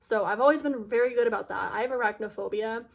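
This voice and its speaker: A woman's voice: fairly high pitch, fast, creaky. Chatty young woman telling a storytime. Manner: chatty, dramatic, filler-heavy. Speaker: YouTuber. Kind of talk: casual storytime vlog.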